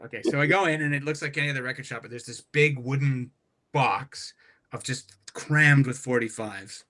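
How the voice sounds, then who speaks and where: Guest musician, male, bright forward voice, rambling and animated storyteller. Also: mid-range voice, moderate pace. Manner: rambling, animated anecdotes with many restarts. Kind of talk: casual podcast storytelling.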